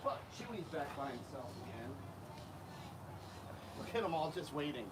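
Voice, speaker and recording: Animated man calling to gators outdoors. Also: a little high, moderate pace. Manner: animated, calls animals in a coaxing voice. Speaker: alligator keeper and channel host. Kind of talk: casual vlog talk while feeding animals. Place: outdoors at alligator pens, windy. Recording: noisy outdoor recording.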